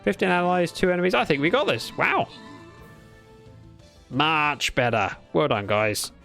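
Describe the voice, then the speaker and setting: A man's voice: a little high, lively intonation, a little slow, creaky, sharp tone, soft background music. A British man chatting casually to his live chat while building in a game, thinking aloud as he goes. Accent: British English. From Britain. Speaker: streamer.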